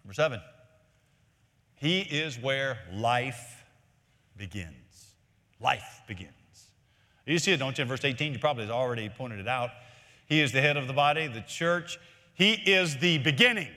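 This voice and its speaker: A man preaching a sermon as senior pastor, emphatic, repeating key phrases and climbing higher to stress his points. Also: animated, normal speed, pauses often, pushed and bright. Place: large church sanctuary. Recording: long hall reverb from a church.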